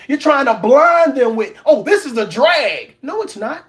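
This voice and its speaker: A man's voice: very high-pitched, expressive, moderate pace, hardly any pauses. A man hosting a reaction commentary show, preaching at his audience, repeating words for emphasis and mocking others in put-on voices. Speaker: commentary channel host.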